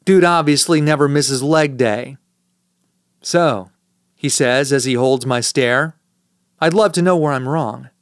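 A man's voice: medium pitch, a little slow, long pauses, no room sound. A man narrating a first-person audiobook in a dry, sardonic manner, recorded on a close studio mic.

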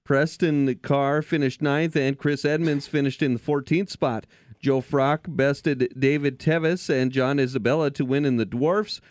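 A man hosting a racing talk show who reads race results in a steady, scripted way. His voice sits in a middle pitch, close and dry on the mic with no room sound. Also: a little slow, no room sound.

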